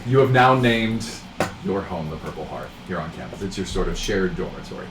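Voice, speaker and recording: A man's voice: sits low, brisk. Young man narrating as game master. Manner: relaxed, rambling narration with many fillers. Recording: roomy, distant mic with faint noise.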